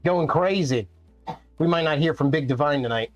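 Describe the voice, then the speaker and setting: A man's voice: on the high side, normal speed, lo-fi sound, soft background music. A man streaming a racing game live, chatting playfully with his viewers and his cats. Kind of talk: casual live-stream chat while gaming.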